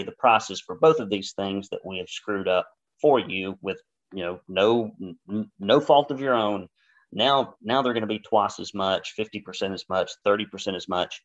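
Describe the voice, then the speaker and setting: Southern man, blunt guest, lowish voice, dull lo-fi sound. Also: moderate pace. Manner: blunt, opinionated. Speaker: podcast guest, business educator. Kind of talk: podcast interview.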